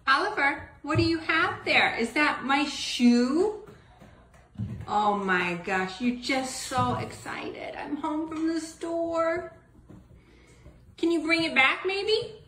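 A woman's voice: high-pitched, takes it slowly, pushed and bright, reverberant, slight background noise. A woman talking to her dog in a coaxing, sing-song way. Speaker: pet owner. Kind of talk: talking to a pet.

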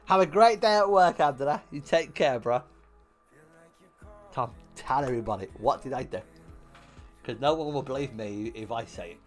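With soft music playing behind him, a young gamer tells animated, swear-heavy stories on stream and breaks into loud laughs. He speaks in a mid-range voice at a moderate pace, pausing often.

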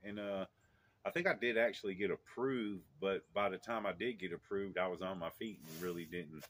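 Low-voiced man telling a rambling story. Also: normal speed. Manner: rambling, many fillers and restarts. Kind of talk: casual storytelling. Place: outdoors in a yard.

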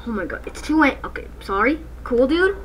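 A woman hosting a gaming channel, giving excitable, jokey let's-play commentary from a dark room at night and breaking into snatches of song. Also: high voice, brisk, very noisy.

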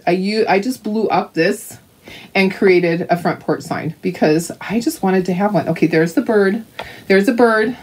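A woman's voice: medium pitch, darkish tone, husky. An older woman from Canada chatting casually with viewers while she paints craft kits, laughing often and restarting her sentences. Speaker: craft livestream host.

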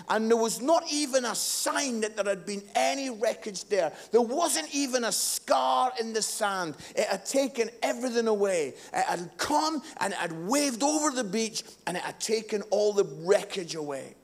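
A middle-aged male pastor preaching a live sermon in church, impassioned and swinging between hushed tones and shouting. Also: high voice.

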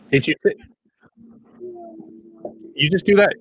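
A man pitching silly ideas and laughing at his own jokes during a casual tabletop game. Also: lively intonation, a little fast, a bit bright. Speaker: player.

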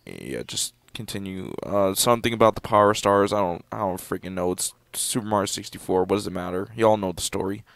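A teenage boy casually commenting on a game he plays, given to sudden loud excited outbursts. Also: brisk, gravelly, few pauses, no room sound. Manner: excitable, jumps into loud high-pitched outbursts. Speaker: gameplay commentator. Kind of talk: casual let's-play commentary.

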